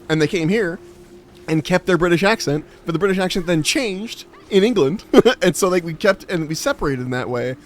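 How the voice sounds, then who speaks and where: A man's voice: on the high side, a little hiss or hum. A young man streaming a game, chatting casually and rambling through explanations with lots of "like". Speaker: livestreamer. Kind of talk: casual chat while gaming.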